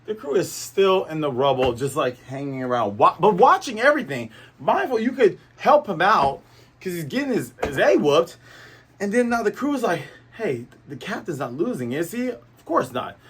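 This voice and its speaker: This manga channel host talks at a moderate pace in a high, sing-song voice that's a bit bright and husky. Playful and meandering, he reviews a comic chapter while throwing in fillers and asides to his audience.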